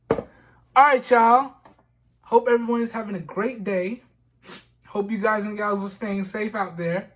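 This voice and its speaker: This product-review vlogger has a high, somewhat bright voice and a measured pace broken by long pauses. Fighting back tears during an unboxing, he chats casually, says things more than once, and keeps using "man" and "y'all."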